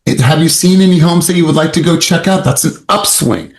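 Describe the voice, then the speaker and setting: A man's voice: fairly high pitch, fairly quick. A man coaching sales agents in an emphatic, repetitive, motivational way. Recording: roomy echo.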